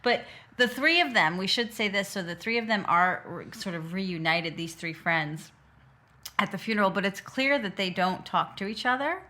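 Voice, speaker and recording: A woman's voice: mid-range voice, lively intonation, moderate pace, sharp tone. A woman co-hosting a movie podcast, recapping the plot in casual chat. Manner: recaps the plot, laughs along. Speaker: podcast co-host.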